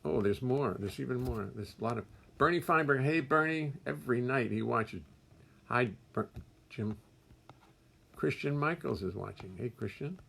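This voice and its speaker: Gravelly older man chatting on a livestream. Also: mid-range voice, expressive, moderate pace. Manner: chatty, warm greetings, wry self-deprecating jokes. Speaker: musician hosting a livestream. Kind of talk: casual livestream chat, reading viewer comments. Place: home music studio.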